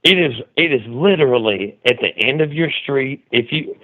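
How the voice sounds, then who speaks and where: A man's voice: medium pitch, expressive, normal speed, no echo, narrow, tinny audio. A man hosting a call-in show, telling a story loosely, with lots of restarts and "dude". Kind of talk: casual rambling commentary. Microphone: studio mic with mixer.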